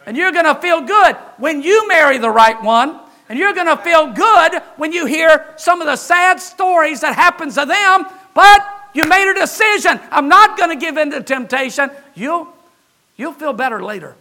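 A man preaching a sermon as pastor, older, with impassioned delivery that rises to shouts on key words. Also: very high-pitched, lively intonation, normal speed.

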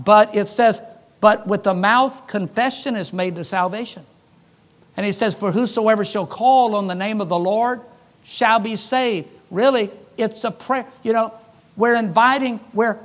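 A man preaching a sermon, an animated storyteller who jokes and acts out the dialogue in his stories. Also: high voice, normal speed.

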